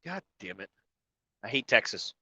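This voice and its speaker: Here the man's mid-range voice is very animated and sharp, moving at normal speed as he cries, sniffles, swears and apologizes on a casual live stream from his truck. There's no room sound, and the highs are cut off.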